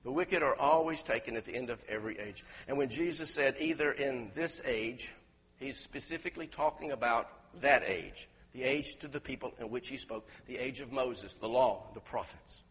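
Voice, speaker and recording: Male preacher, husky and high-pitched, emphatic sermon delivery, lo-fi recording with long hall reverb. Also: normal speed. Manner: emphatic, questions the congregation, rises to loud peaks.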